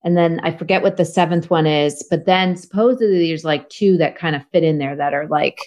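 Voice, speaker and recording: A woman's voice: low voice, brisk, a little mellow. A woman hosting an interview podcast, talking casually and praising her guest with enthusiasm. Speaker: podcast host.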